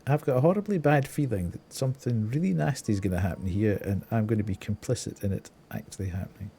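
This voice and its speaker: A man's voice: on the low side, fast, vocal fry, dark tone, slight background noise. A man with a mild Scottish accent giving chatty, wry live commentary on a game he is streaming, often breaking into laughter.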